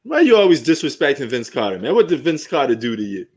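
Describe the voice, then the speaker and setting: A middle-aged man hosting a live sports stream, talking loosely and with lots of profanity as he reminisces and jokes about old highlights. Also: sing-song, fast, a little mellow, slightly rough. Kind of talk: casual live commentary.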